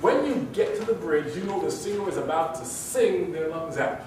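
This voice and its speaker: A man giving a live seminar talk to an audience, animated and drawing them into call-and-response. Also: on the high side, moderate pace, a little hiss or hum. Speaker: public speaking trainer. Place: large room with audience. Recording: echoey hall from far off.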